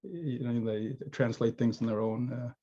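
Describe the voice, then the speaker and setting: A man in a course discussion tells a story in a measured way. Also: mid-range voice, warm tone. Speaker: course participant. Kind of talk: telling an anecdote. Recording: dull lo-fi audio.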